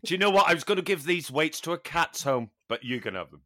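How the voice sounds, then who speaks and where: A man's voice: on the high side, expressive, fast talker, pushed and bright. A British man co-hosting a podcast, telling anecdotes with mock-outraged banter. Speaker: podcast co-host. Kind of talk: casual comedic chat.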